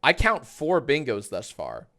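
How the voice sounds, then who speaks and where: A man streaming live and reacting to a clip, talking in a halting, rambling way with sudden swearing outbursts. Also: mid-range voice, huge pitch swings, bright, forceful tone.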